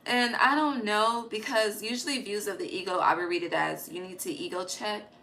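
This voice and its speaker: Bright-voiced woman giving a tarot reading. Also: medium pitch, steady tone, normal speed, a little hiss or hum, rough recording. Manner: emphatic, swears freely, slangy asides. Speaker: tarot reader. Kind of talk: casual spoken tarot reading. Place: home at night.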